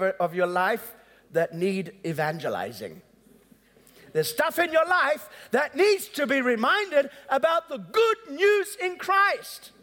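In a large church hall with long reverb, a man preaches a sermon in a conversational style. He plays out both parts of dialogues and chuckles at his own asides, his high voice fairly bright in tone.

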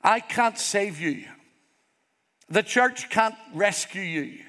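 A pastor from Northern Ireland preaches to a congregation in a church hall, his high-pitched voice animated, pushed and bright, though his pace is slow. He is earnest and emphatic, building on repeated phrases. The hall's reverb is long.

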